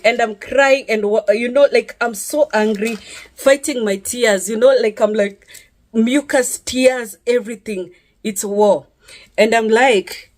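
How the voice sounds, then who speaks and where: A woman's voice: mid-range voice, unhurried. Impassioned woman giving testimony. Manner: impassioned, pleading, often ends phrases with "yeah?". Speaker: speaker giving a personal testimony. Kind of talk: emotional personal testimony.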